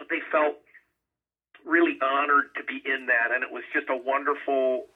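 A man's voice: medium pitch, fairly even intonation. Rambling man on a tinny phone line. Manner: rambling, halting, with many fillers and restarts. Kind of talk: casual conversation. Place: lives in Southern California.

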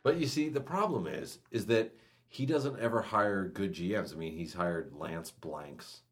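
A man's voice: low-pitched, animated, measured pace, a little hiss or hum. A man co-hosting a casual sports podcast, skeptical and teasing. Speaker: podcast co-host.

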